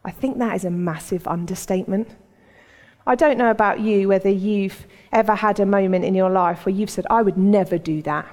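A woman's voice: medium pitch, fairly even intonation, fairly quick, darkish tone. A woman giving a sermon in a conversational storytelling manner, acting out the voices in the stories she tells. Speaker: preacher. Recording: long hall reverb.

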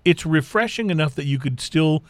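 A man's voice: on the high side, animated, moderate pace, no echo. A man co-hosting a beer tasting show, chatting casually and rambling with lots of fillers. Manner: rambling, self-deprecating, many fillers. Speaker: co-host of a beer talk show. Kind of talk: casual chat.

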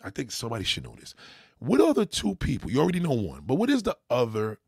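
A man's voice: medium pitch, wildly swooping pitch, quick pace, vocal fry, darkish tone, husky, no echo, clean studio sound. A man with a New York accent hosting a livestream, talking emphatically and addressing his viewers directly. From New York City. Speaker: livestream host. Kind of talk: opinionated livestream rant.

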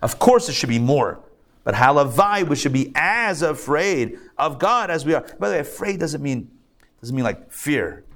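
A man, a rabbi, teaching a live class in a conversational, lively way, asking rhetorical questions and adding asides. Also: on the high side, moderate pace. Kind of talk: live lecture to a group. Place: live class in a synagogue learning center.

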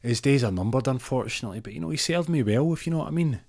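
Cheeky old lady with sly innuendo, done by a guy in a falsetto. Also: animated, very fast, creaky, a little mellow, dry recording, clean studio sound. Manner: high, teasing, sly innuendo.

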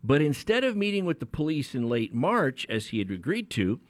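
A man's voice: on the high side, very animated, moderate pace, no echo. A man co-hosting a radio talk show as an attorney, explaining a legal case in a conversational way with frequent restarts. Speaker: attorney co-host.

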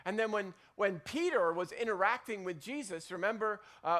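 A man pastor preaching a sermon in a conversational way, with many restarts and loud emphatic peaks. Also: high voice, normal speed.

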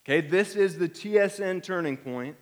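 Preaching in a conversational style, a middle-aged pastor with a high voice keeps a moderate pace. He dramatizes the emotions he quotes, and the recording carries a long reverb from the hall.

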